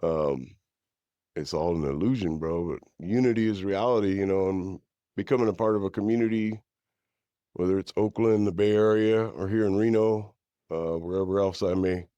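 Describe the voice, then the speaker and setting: Dark-voiced man, candid storyteller. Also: normal speed, no room sound, highs cut off. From East Bay, California. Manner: candid storyteller, drops into higher-pitched impressions of others. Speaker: podcast guest, author. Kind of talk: conversational interview. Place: podcast studio.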